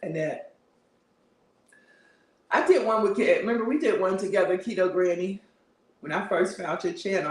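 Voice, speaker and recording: Host type: high-pitched man, chatty live streamer who laughs a lot, sitting back from the mic. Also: far from the mic. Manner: chatty, laughs often, answers viewer comments. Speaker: livestream host. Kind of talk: casual livestream chat. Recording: roomy, a bit off-mic.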